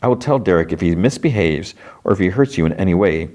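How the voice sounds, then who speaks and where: A quietly menacing older man, as a man reads him out speaks in a calm, coaxing tone. The voice is low and deep. It barely departs from a plain speaking voice. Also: fast talker.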